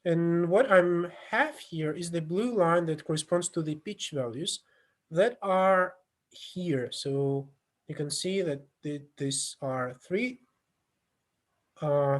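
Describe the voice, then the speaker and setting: A man giving an online lecture over a video call, explaining on a shared screen with many fillers and restarts. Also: fairly high pitch. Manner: halting, many fillers and restarts, non-native phrasing.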